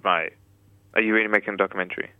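A man's voice: on the low side, steady tone, rapid-fire, clean tone, dry recording, phone-quality sound. A man playing a blunt, bored archive clerk who answers the phone in a matter-of-fact way. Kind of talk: comedy dialogue.

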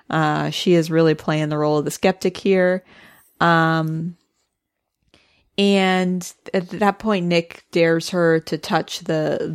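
Podcast cohost, female, lowish voice, dry close mic, easy plot recap. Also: no room sound. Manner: laughs easily, retells plot in a steady run. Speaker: podcast co-host. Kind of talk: casual recap narration.

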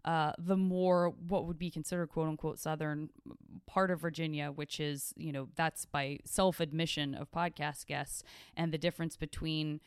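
A woman's voice: sits low, flat delivery, moderate pace, clean tone, no room sound, clean studio sound. A woman from Arizona hosting a podcast interview, rambling playfully with many restarts and self-corrections. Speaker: podcast host. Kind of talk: casual interview chat.

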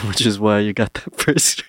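A man with a very low voice trades dry, deadpan jokes as a comedy podcast co-host. His asides come fast and flat. The sound is dry and close. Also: breathy edge, dry recording. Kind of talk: casual comedy podcast banter.

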